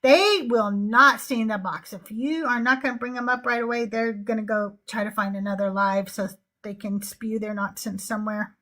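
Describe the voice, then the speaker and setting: Woman host, middle-aged, high bright voice, chatty, laughs a lot. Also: steady tone, normal speed. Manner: chatty, laughs often, trails off into fillers. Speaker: livestream host. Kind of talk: casual livestream chat.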